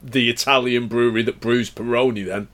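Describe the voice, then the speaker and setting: Man, beer podcast guest, casual chat, measured explaining, mid pitch. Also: fairly even intonation, fairly bright tone.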